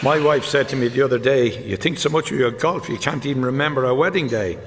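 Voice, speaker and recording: A man with an Irish accent telling one-liner golf jokes on stage, deadpan, switching between characters. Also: medium pitch. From Ireland. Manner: deadpan joke delivery with quick character switches. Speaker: stand-up comedian. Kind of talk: live stand-up joke telling. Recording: live show in a reverberant hall with audience noise. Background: audience laughter.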